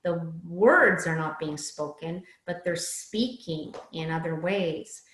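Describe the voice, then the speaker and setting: A woman's voice: on the low side, slow pace, a bit bright. Chatty woman in an echoey room. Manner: chatty, many fillers and asides. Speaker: speaker teaching empathy skills. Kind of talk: casual talk.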